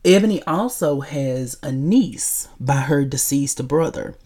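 A woman vlogging a casual movie review, chatty and animated, talking straight to her viewers. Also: extremely low pitch, unhurried, breathy edge. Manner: chatty, animated, addresses viewers as y'all, laughs often. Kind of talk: casual chat.

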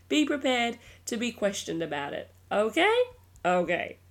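A woman's voice: medium pitch, very animated, moderate pace. Blunt, swearing woman podcast host. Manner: blunt and exasperated, swears freely, laughs often. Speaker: true crime podcast host. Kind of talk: casual storytelling podcast narration.

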